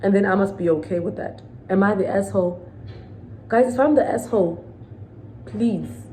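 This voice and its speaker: A woman's voice: medium pitch, moderate pace, mellow, a little hiss or hum, rough recording. A woman in her thirties venting to the camera in a storytime vlog, indignant and emphatic, repeating her points and asking viewers to weigh in. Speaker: vlogger.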